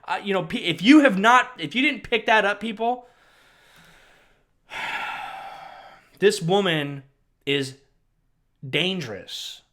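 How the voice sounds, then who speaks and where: A man's voice: high-pitched, animated, measured pace, a bit bright. A man giving heated commentary on a news clip, agitated and ranting, often repeating himself and restarting.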